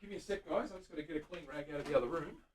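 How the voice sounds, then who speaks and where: A man's voice: fairly high pitch, racing, far from the mic, heavy background noise. A man hosting a guitar-building live stream, chatting casually with viewers by name while he works and hums to himself. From Australia. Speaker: luthier host.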